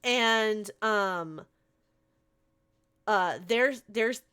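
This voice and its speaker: A woman's voice: mid-range voice, very slow, fairly bright tone, smooth. A woman streaming a game live, chatting casually and gushing over her chat. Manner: bubbly, gushes over chat.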